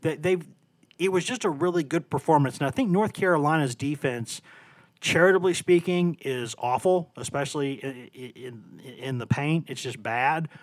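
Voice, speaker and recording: A man's voice: fairly high pitch, moderate pace, no room sound. A man co-hosting a sports podcast, chatting casually about college basketball and stumbling over names as he corrects himself.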